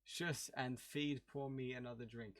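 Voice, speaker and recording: A man's voice: medium pitch, fairly even intonation, a little slow, a bit bright, dry recording, studio quality. A man chatting casually on a live stream, reading out viewer messages with wry remarks.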